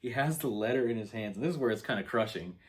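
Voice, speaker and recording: A man co-hosting a casual movie review, calmly recounting the plot. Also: lowish voice, quick pace. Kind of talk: casual chat.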